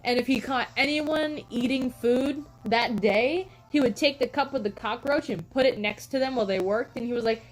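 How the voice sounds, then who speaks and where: Chatty young woman streamer, high-pitched. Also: moderate pace, few pauses, faint music behind, poor audio. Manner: chatty storytelling, frequent "like" and "um" fillers. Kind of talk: casual live-stream chat.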